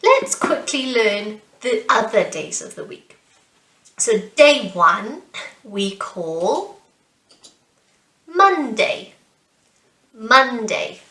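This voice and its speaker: A young woman teaching a beginner English class, saying words slowly and clearly, repeating them and praising the learners as she goes. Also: medium pitch, big pitch swings, fairly bright tone, recorded from a distance. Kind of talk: slow beginner language lesson with repetition. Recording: echoey room, voice somewhat off-mic.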